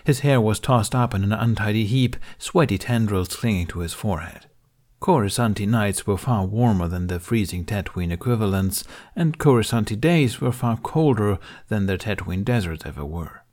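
A man reading fan fiction aloud in a measured, even storytelling manner. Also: lowish voice. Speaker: reader. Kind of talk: scripted fan fiction narration.

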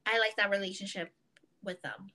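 Young woman podcast co-host, bright forward tone, chatty storyteller. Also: medium pitch, normal speed. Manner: animated storyteller, acts out her mother's voice. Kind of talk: casual chat.

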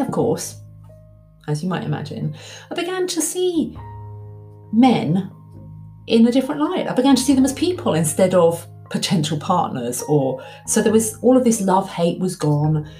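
A woman in her forties, candid and reflective, telling a personal story and acting out the things she once told herself. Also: lowish voice. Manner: candid, reflective, animated when quoting her past self. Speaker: speaker.

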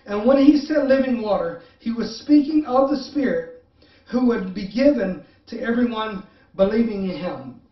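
A man preaches a sermon, pressing his listeners with repeated questions and then dropping into soft, halting asides full of fillers. His voice sits at an ordinary pitch. He sounds a little far from the mic in an echoey room, and the sound is slightly dull. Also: animated. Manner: preaching with rising emphatic appeals and repeated questions; drops to soft, hesitant confessional tone with many fillers. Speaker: pastor. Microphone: online service stream. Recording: roomy, distant, muffled sound.

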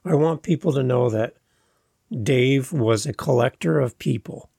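A man's voice: medium pitch, measured pace, creaky, warm tone, husky, no room sound, clean studio sound. A man hosting a podcast, chatting casually in a friendly, rambling way with self-deprecating humor. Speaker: podcast host.

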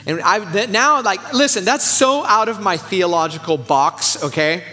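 A man preaching a sermon, telling a story in an animated, conversational way with frequent stammering restarts. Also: high-pitched, moderate pace. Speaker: pastor. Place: church sanctuary. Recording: long hall reverb, faint music.

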